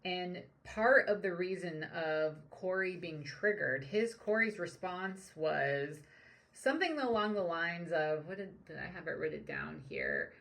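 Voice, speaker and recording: A woman's voice: lowish voice, sing-song, measured pace, creaky, a bit bright. A woman coach hosting her own show, analyzing leadership behavior in a reflective, casual commentary style with frequent fillers. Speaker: leadership coach and podcast host. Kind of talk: solo commentary on current events.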